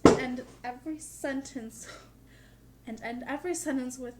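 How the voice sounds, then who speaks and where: A woman's voice: high-pitched, a little slow, darkish tone, a little hiss or hum. A young woman vlogging in a casual, chatty way, with dry humor and lots of "like". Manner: chatty, peppered with "like". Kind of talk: casual chat to camera.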